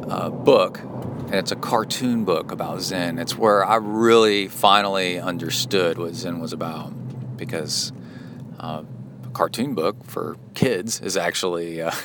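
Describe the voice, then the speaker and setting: A man's voice: sits low, measured pace. A man hosting a podcast, talking alone in a casual, rambling, reflective way, recorded in a car. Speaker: podcast host. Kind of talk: casual solo talk. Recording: road noise from a car.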